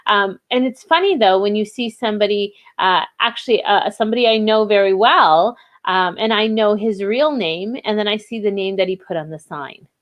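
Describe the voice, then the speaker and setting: A woman's voice: mid-range voice, moderate pace, hardly any pauses, lo-fi sound. A woman giving a diversity training talk in a conversational way, with frequent fillers and restarts. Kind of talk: casual live webinar talk.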